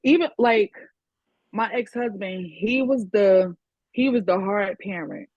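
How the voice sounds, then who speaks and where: A woman's voice: mid-range voice, unhurried, dry recording. Candid woman on a dull, dry mic. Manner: candid, relaxed recollection with quoted asides. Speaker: panelist. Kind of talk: casual podcast chat. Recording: dull lo-fi recording.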